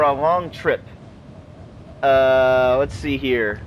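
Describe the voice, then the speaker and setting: In a low-quality recording with slight background noise, a young man gives casual gameplay commentary, reading the game's text out loud and laughing at himself. His medium-pitched voice is fairly bright with lively intonation at a normal speed.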